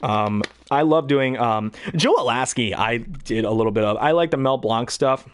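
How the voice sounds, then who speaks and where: A man with a baritone voice, a hobby voice actor chatting casually, who rambles and often clears his throat. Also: normal speed. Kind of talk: casual talk to camera.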